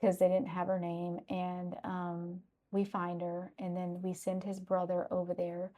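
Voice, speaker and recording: A woman's voice: lowish voice, monotone, measured pace, mellow. A middle-aged woman telling a personal story earnestly, repeating phrases and checking in with "okay?". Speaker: consultant sharing a personal story. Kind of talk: personal testimony.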